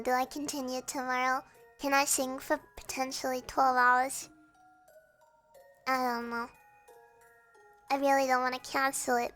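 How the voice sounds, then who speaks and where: A woman's voice: high-pitched, fairly bright tone. A young woman streamer chatting casually while sick and feverish, her voice strained, fretful and rambling with frequent laughs. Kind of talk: casual livestream chat.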